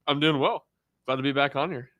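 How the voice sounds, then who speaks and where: A man co-hosting a sports radio show, speaking in a measured, halting way with many fillers. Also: on the high side, dry recording, lo-fi sound. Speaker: sports radio co-host, team reporter. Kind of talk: casual sports radio talk.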